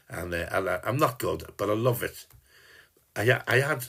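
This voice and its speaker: A Liverpool man with a low, deeply gravelly voice rambles through a personal message to one listener. His husky tone wanders from story to story. He teases gently and drops in mild swears along the way. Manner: teasing, meandering, peppered with mild swearing. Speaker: sender of a personal video message.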